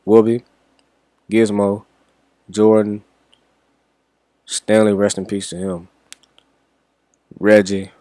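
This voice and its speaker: Laid-back young man, lowish voice. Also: flat delivery, slow pace, pauses often, mellow, dry recording. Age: young adult. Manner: rambling, profane, laid-back. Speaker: reaction vlogger. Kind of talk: casual storytelling.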